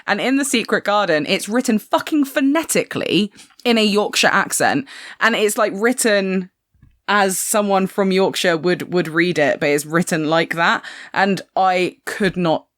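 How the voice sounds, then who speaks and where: A woman's voice: lowish voice, moderate pace, fairly bright tone, no room sound, studio quality. A woman chatting on a podcast, telling stories with a laugh in her voice. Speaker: podcast co-host, former teacher. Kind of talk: casual podcast chat.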